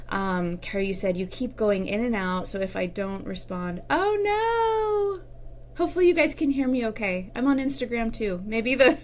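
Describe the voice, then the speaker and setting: A woman's voice: medium pitch, a little hiss or hum. A woman in her thirties, a relationship coach talking candidly to viewers on a live stream. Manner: chatty and candid, addresses viewers directly.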